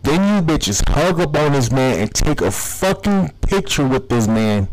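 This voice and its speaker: A man's voice: fairly high pitch, expressive, unhurried, poor audio. A man from the United States, hosting a podcast and delivering a heated, profanity-laced solo rant. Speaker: podcast host.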